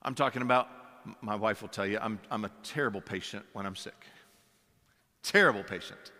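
A man's voice: fairly low pitch, a little fast, bright, forceful tone. A man preaching a sermon as pastor, emphatic, with many rhetorical questions and repeated words. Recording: long hall reverb.

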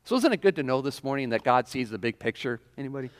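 A male pastor with a mid-range, sing-song voice preaches quickly in a church sanctuary, and a long church-hall reverb trails his words. His sermon is casual and chatty, and he keeps checking in with the audience, asking questions and saying "right?" often.

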